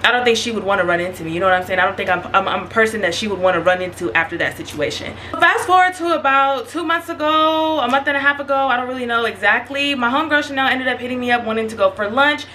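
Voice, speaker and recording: Here a young woman is vlogging, sharing a laid-back storytime with her viewers and addressing them head-on. She's chatty, lively and slangy, with a voice on the high side; she talks fast with few pauses over slight background noise.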